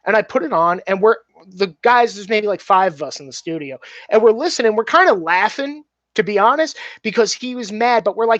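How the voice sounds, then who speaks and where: A filmmaker guest, a man, tells stories casually, animated, swearing freely and speaking candidly. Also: sits high, moderate pace, no room sound. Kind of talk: casual storytelling. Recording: dull, dry, slightly muffled.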